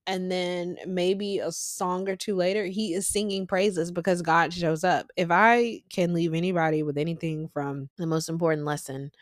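A woman's voice: on the low side, steady tone, moderate pace, hardly any pauses, dry recording, studio quality. A young woman hosting a casual Bible study podcast, talking in an emphatic, conversational way with slangy asides. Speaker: podcast host.

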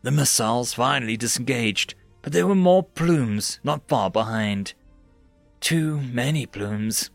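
A man's voice: medium pitch, a little slow, vocal fry, dry recording, faint music behind. A man narrating a science fiction story dramatically, rising and dropping his voice for effect. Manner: expressive, rises and drops for drama.

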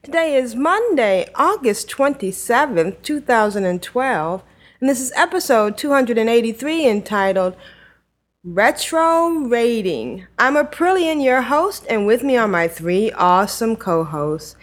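A woman hosting a casual chat podcast, talking chattily, giggling and pausing on fillers. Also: on the high side, very animated. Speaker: podcast host.

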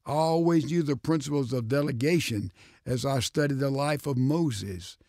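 A pastor answering a question in a radio studio, explaining in a measured way. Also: male voice, mid-range voice, a little mellow, no room sound.

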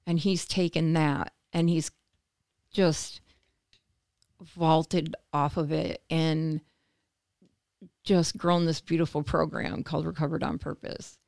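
A woman from the United States tells her story in a low, gravelly voice, recorded close and dry. She talks in a conversational, animated way and acts out what other people said. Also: takes it slowly, pauses often, dry recording. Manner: animated, acts out quoted voices, laughs between phrases. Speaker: interview guest.

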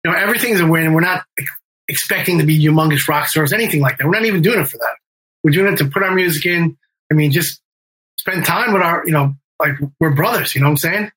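A man's voice: a little high, fast, fairly bright tone, breathy edge, rough recording. A middle-aged man telling a long story in casual interview talk, rambling with fillers and restarts and swearing. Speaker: guest, band member and music manager.

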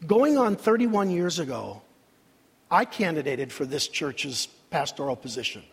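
Older male pastor, sermon, lively swooping pitch, drawn-out dramatic pauses. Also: creaky, breathy edge. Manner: dramatic preaching with long pauses and sudden rises. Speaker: senior pastor. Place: church sanctuary. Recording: reverberant church hall.

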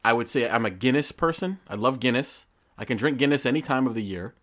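A middle-aged man co-hosting a podcast, chatting casually and jumping into high, excited tones. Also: quick pace. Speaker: podcast co-host. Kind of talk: casual chat.

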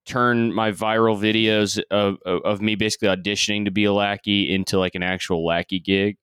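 A man's voice: on the low side, level tone, brisk, fairly bright tone, clear, resonant tone, no echo, clean studio sound. A man joking animatedly as a podcast guest, swearing casually. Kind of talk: casual comedic discussion.

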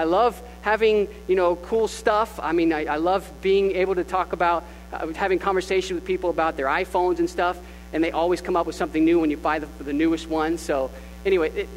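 A male pastor preaching a sermon in an animated, conversational way with jokey asides. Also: sits high, fairly quick, long reverb tail, soft background music, rough recording.

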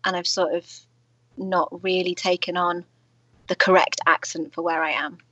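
A woman with a mixed Midlands and northern English accent chatting in a measured, hedging way. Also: lowish voice, level tone, a bit bright, muffled recording. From United Kingdom. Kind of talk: casual chat.

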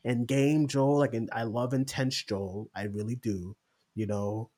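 A young man co-hosting a casual podcast chat, excited, swearing often and acting out quotes. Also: on the low side, measured pace. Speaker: podcast co-host.

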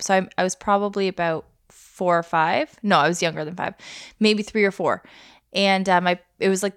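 A woman's voice: medium pitch, no room sound, clean studio sound. A woman in her thirties co-hosting a podcast, telling stories in a casual, chatty way and laughing easily. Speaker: podcast co-host. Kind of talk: casual chat.

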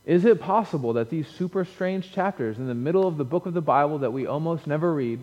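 A man's voice: a little high, animated, fast talker, darkish tone. A man preaching a sermon as pastor, conversational and joking with his congregation in a church sanctuary. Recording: dull lo-fi church recording with long reverb.

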